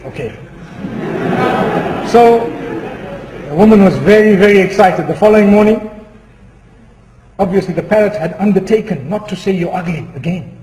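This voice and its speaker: High-voiced preacher in an echoing hall. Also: male voice, warm tone. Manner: measured, chuckling, moralizing. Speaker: Islamic preacher. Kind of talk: sermon with humorous storytelling. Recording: echoey hall with faint noise.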